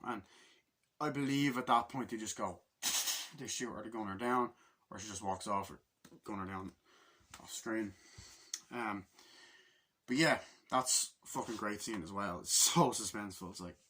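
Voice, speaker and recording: A man giving a casual, rambling film recap, swearing a lot and acting out scenes with quick voices and sound effects. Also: on the low side. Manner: profane, excitable, acts out scenes with sound effects. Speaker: movie reviewer.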